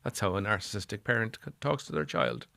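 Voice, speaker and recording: A man's voice: fairly low pitch, sing-song, fast, creaky, pushed and bright, no room sound, studio quality. A middle-aged Irish man speaking as a psychotherapist guest on a podcast, earnest and repeating phrases for emphasis. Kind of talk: podcast interview.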